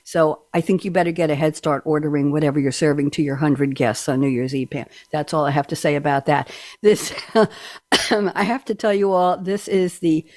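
A woman's voice: deep voice, fairly even intonation, moderate pace, a little mellow. A woman with a New York accent hosting a radio talk show, chatting playfully with jokey, rambling asides.

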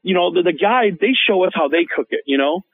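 A man with a high, gravelly voice tells animated stories on a radio talk show. He speaks as a chef, uses plenty of fillers, and acts out what others said. His voice comes through a thin, phone-like line. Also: fast, no echo. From Hmong American. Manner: animated storyteller, acts out quotes, many fillers. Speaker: chef and TV show host, guest. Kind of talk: casual radio interview storytelling. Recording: phone-line guest audio.

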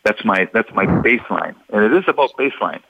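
Husky man explaining on the radio. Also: fairly low pitch, animated, brisk, no room sound. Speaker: deception expert guest. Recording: dull lo-fi radio audio.

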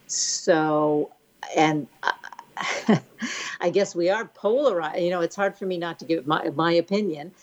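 An older woman hosting an interview, talking in a slow, reflective and hesitant way over dull lo-fi audio. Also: fairly low pitch. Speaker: interviewer host. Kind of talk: conversational interview.

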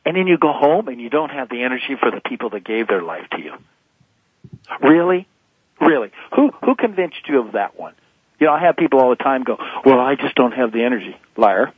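A man's voice: medium pitch, big pitch swings, a little fast, breathy edge, dry recording. A man in his fifties, a motivational speaker, talking emphatically as a guest in a phone-in radio interview. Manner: emphatic, preachy motivational delivery. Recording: tinny phone line.

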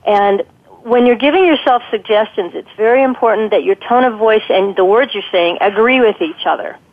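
A woman guest expert giving thoughtful, explanatory advice in an interview, pausing often with ums. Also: on the high side. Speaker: guest expert on guided imagery. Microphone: telephone. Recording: tinny phone line.

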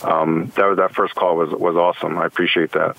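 A man's voice: deep voice, flat delivery, brisk, gravelly, a bit bright, low-quality recording. A man calling in to a coaching show, answering thoughtfully and agreeably with frequent ums. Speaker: caller. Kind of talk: call-in conversation.

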